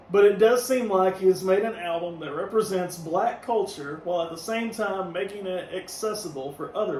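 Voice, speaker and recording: High-voiced man reading review notes. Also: a little mellow. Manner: reads review notes with frequent laughs and fillers. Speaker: podcast co-host reviewing albums. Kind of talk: casual review chat, partly read from notes. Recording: echoey room, distant mic, faint noise.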